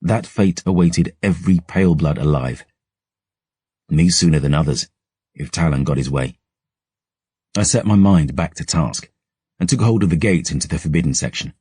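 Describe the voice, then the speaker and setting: A man with a very deep, slightly rough voice narrates a dark fantasy audiobook in a measured, brooding storytelling manner. He's close to a studio mic, and there's no echo.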